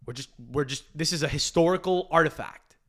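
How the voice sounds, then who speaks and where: Male podcast host, fairly high voice, crude rambling rant. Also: brisk, a bit bright. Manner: crude, rambling, restarts a lot. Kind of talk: casual rant.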